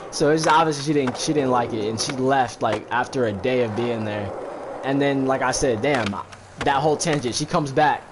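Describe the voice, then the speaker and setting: Man, casual rambling storyteller, lots of fillers, faint background noise. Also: mid-range voice. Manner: rambling, heavy fillers, profane. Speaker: streamer recapping a movie while gaming. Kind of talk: casual slangy retelling with acted quotes.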